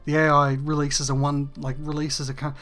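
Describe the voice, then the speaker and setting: A man's voice: on the high side, monotone, moderate pace, a bit bright, soft background music. A man, hosting a casual gameplay rant that is frustrated, profane and rambling. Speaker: gaming video host.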